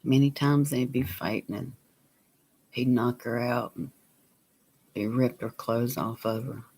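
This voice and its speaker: A man telling a personal story on his vlog, plain and unhurried, sometimes dropping to a near whisper. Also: mid-range voice, flat delivery, a little mellow, husky. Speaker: vlogger.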